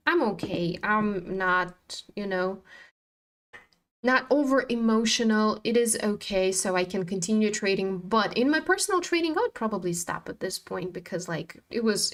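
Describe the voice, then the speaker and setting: A woman hosting a live trading stream, chatting casually and animatedly, swearing freely and talking back at her chart. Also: medium pitch.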